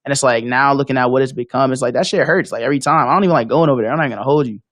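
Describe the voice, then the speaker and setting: Fast-talking young man, blunt and slangy. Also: mid-range voice, a bit bright, no echo, studio quality. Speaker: podcast co-host. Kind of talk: casual chat on local politics.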